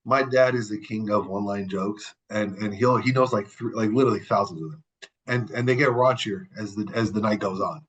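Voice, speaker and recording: A man, a podcast guest, telling a story in a casual, animated and profane way, acting out the people he quotes. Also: lowish voice, a little fast, low-quality recording.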